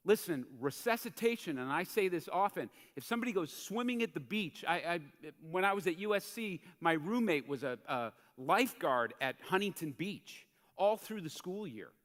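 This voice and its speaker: A man preaching a sermon as a pastor in a church, in a conversational, animated way that acts out the quotes he tells. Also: sits high, moderate pace, few pauses. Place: church sanctuary. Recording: church hall reverb.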